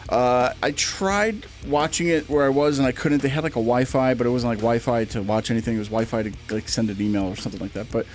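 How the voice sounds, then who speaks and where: A man's voice: mid-range voice, fast talker, hardly any pauses, faint music behind. A man co-hosting a wrestling podcast in casual chat, rambling and repeating himself as he talks. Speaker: podcast co-host.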